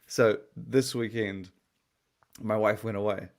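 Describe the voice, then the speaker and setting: A man's voice: lowish voice, steady tone, takes it slowly, creaky. A young adult man co-hosting a podcast, telling a story in a rambling, profane way and sounding tired. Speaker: podcast co-host. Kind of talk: casual podcast chat.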